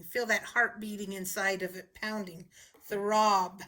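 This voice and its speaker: A woman teaching a children's phonics lesson, explaining words slowly and patiently with clear enunciation. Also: medium pitch, fairly even intonation, sharp tone.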